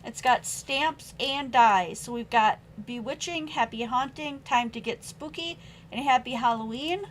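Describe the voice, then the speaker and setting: A woman's voice: high-pitched, measured pace, a little hiss or hum, poor audio. A young adult woman hosting a live-streamed craft supply sale at home, chatting as she reads out stamp sentiments and prices. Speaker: online craft sale host. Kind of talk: live-stream sales chat.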